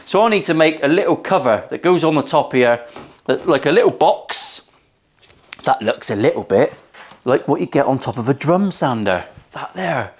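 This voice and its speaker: Sweary, lively man in a workshop. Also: medium pitch, moderate pace. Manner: cheeky, sweary banter with viewers. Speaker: luthier and channel host. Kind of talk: casual workshop vlog. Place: guitar-making workshop.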